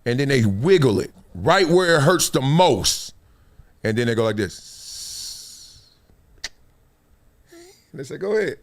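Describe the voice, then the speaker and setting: A man's voice: mid-range voice, animated, slow, long pauses. A man hosting a live sports talk show, telling stories in a preachy, playful way, acting out quotes and laughing often. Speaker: host.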